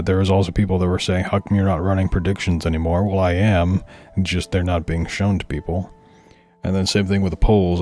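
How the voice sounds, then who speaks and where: A man's voice: deep voice, darkish tone. A man giving blunt, opinionated commentary on a stream and swearing freely. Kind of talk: casual commentary over footage.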